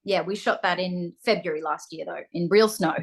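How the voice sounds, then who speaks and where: A young woman with an Australian accent, chatting as an interview guest and often pausing with ums and restarts. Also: lowish voice, creaky. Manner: hesitant, restarts, frequent ums. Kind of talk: casual interview chat.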